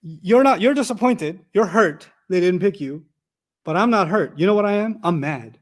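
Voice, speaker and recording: Man, high pitch, animated, conversational, Quran commentary lesson. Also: normal speed. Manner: animated, conversational, rises sharply when making a point. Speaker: Quran teacher.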